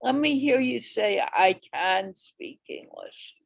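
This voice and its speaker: A woman's voice: medium pitch, sing-song, takes it slowly, gravelly, slightly rough, no echo, poor audio. A woman hosting an English conversation show on a video call, coaching a learner in an emphatic way and repeating words for stress. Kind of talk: encouraging casual chat.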